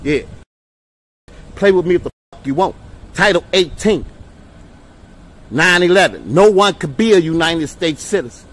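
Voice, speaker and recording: A man in a heated street confrontation, shouting and taunting with profane insults. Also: high-pitched, expressive, normal speed, pauses often. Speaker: man confronting police officers.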